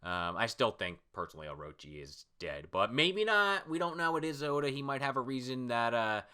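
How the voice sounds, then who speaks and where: A man's voice: mid-range voice, big pitch swings, a little fast, bright, forceful tone, clear, resonant tone. A man casually reading through a comic chapter and commenting, loose and chatty, swearing freely and voicing the lines with emphasis. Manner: reads character lines aloud with emphasis. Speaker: comic reaction video host.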